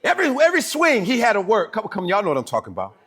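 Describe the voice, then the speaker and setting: A pastor with a Southern American accent preaching a sermon, animated and emphatic, laughing and repeating words for effect. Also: male voice, high-pitched, rapid-fire, husky. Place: church sanctuary.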